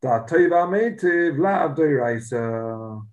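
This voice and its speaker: Guy giving a talmud class, kinda high voice, explains every line with punch. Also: lively intonation, slow, low-quality recording. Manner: explains Aramaic text line by line in English, emphatic. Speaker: Talmud teacher. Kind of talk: Talmud lesson.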